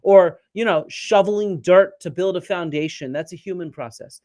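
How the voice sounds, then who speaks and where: A man's voice: sits high, moderate pace, darkish tone, no echo, studio quality. A man hosting a live-streamed archaeology lecture, explaining step by step, quizzing viewers and answering their comments. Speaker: archaeologist host.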